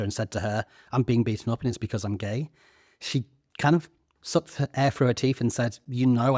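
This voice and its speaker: A man's voice: fairly low pitch, darkish tone, dry recording, studio quality. A man in his thirties co-hosting a podcast, talking earnestly with a few stammered restarts. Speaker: podcast co-host. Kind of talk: casual discussion.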